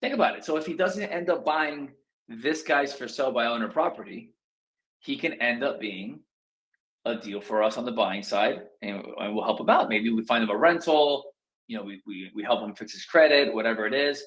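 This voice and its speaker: A man coaching real estate students in a casual talk, acting out phone calls in quick asides. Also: mid-range voice, a bit bright, rough recording.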